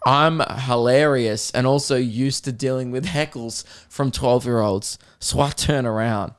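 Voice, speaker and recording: A man's voice: a little slow, clear, resonant tone. A young Australian man hosting a comedy podcast, telling a story casually, swearing and laughing as he goes. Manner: swearing, laughing, mimicking kids in a high voice.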